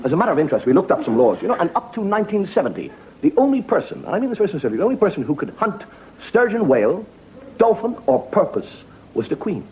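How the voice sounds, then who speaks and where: A man's voice: sits high, big pitch swings, rapid-fire. A man doing a stand-up monologue as comedian and host, telling stories with wry asides and punchlines. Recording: dull, noisy old TV audio.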